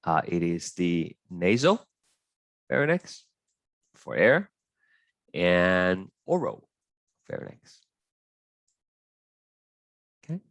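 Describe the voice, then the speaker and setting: A young male tutor talks students through an online biology class, low-pitched, with a voice that rises and falls a lot. He hesitates, fills gaps with "uh" and keeps checking in with the group. The sound is dry and close to the mic. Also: sing-song, extremely slow, gravelly, pauses often, a bit bright, dry recording. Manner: chatty, hesitant, many fillers and checks.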